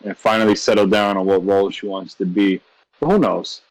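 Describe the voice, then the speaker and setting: A man's voice: lowish voice, fairly even intonation, fairly quick, no room sound, poor audio. A man co-hosting a casual podcast, laid-back, often asking "you know what I'm saying". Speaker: podcast co-host.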